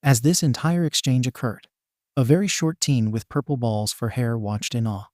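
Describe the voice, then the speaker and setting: A man reading a fan fiction story aloud as narrator, with a steady, even delivery. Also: medium pitch, normal speed, no echo, clean studio sound.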